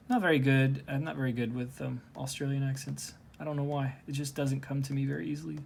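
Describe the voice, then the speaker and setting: A man teaching calculus in a relaxed, recorded lesson. He talks through each step aloud as he works the problem, keeping his voice at an ordinary middle pitch. The delivery is casual and conversational. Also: brisk, vocal fry, hardly any pauses, slight background noise. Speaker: math teacher. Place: at home.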